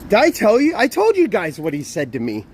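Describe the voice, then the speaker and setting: A man's voice: high voice, wildly swooping pitch, brisk, slight background noise. A young man live streaming outdoors, ranting in a profane, exasperated, repetitive way. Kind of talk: casual live stream talk.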